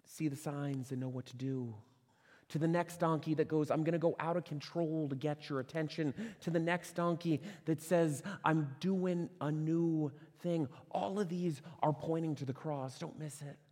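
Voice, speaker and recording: A man preaching a sermon as pastor, conversational and animated, asking rhetorical questions and restarting phrases. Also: on the high side, moderate pace, in a large hall. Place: church sanctuary.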